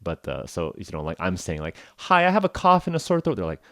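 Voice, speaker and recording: Recorded dry with clean studio sound, this podcast host speaks low-pitched and quick. He tells a casual story for English learners with animation, acting out the dialogue and laughing along.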